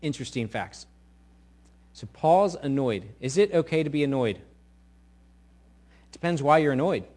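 Animated preaching man, slightly high voice. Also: unhurried, pauses often. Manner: animated preaching, acts out quoted voices loudly. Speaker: pastor. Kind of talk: sermon.

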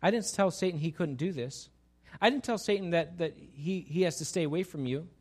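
A man's voice: a little high, brisk, breathy edge. A male pastor preaching a sermon and asking his congregation rhetorical questions.

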